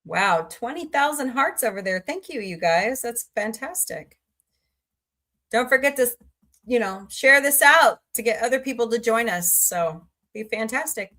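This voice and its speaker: Lady streamer, slow easygoing chat, jokey, talks back to chat comments. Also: a little high, animated, pushed and bright. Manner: chatty, jokey, reads and answers viewer comments. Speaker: livestream host. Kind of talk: casual live-stream chat.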